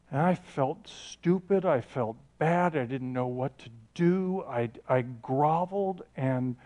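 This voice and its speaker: A man's voice: a little high, a little mellow. A middle-aged man preaching a sermon as pastor, passionate and storytelling, often restarting and correcting himself.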